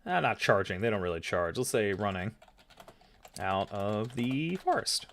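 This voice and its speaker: A man's voice: lowish voice, animated, unhurried, fairly bright tone, a little hiss or hum. A man giving casual advice on running tabletop games, thinking aloud and swearing freely as he types notes. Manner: loose and profane, swearing casually; thinks aloud, lots of fillers and trailing off. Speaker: dungeon master giving advice. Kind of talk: casual tutorial while typing notes.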